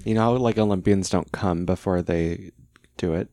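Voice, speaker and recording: A man's voice: low voice, moderate pace, creaky, mellow, no room sound, clean studio sound. A man hosting a casual chat, playful and joking, reading his old journal aloud. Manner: playful, jumps into mock accents. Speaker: podcast host.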